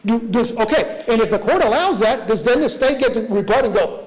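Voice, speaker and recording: A prosecutor makes his case in a courtroom, firing off one pointed rhetorical question after another. His voice sits unusually high for a man. He talks in an argumentative style. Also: animated, brisk, rough recording. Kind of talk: courtroom argument before a judge.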